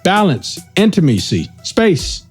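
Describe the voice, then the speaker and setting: Guy hosting a podcast solo, kinda high voice, rambly and thoughtful, super informal, keeps saying right?. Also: wildly swooping pitch, takes it slowly, music in the background. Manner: rambling and reflective. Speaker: podcast host. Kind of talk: casual monologue.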